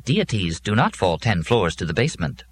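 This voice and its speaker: A man's voice: on the low side, big pitch swings, moderate pace, slight background noise. A man voicing a pedantic, long-winded male robot that lectures with precision. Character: fussy pedantic male robot, wordy and earnest.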